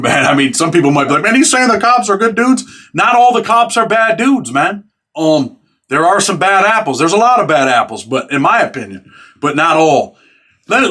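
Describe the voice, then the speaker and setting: A man's voice: on the high side, pushed and bright. Street-casual male interview host. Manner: street-casual, says bro and man. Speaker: host, former prisoner.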